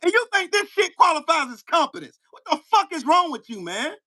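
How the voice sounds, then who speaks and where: Guy going off on a political rant, cussing, yelling at a commenter, voice swinging all over, sharp edge. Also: very high voice, big pitch swings, fairly quick. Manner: heated, profane, mocking, bursts into shouting; fires rhetorical questions at a commenter. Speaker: channel host. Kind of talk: angry political rant to camera.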